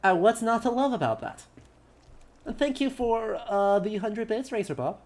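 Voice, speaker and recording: A young adult man chatting casually on a live game stream, with many "uh" fillers and a relaxed manner. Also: sits high, normal speed. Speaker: streamer and historian.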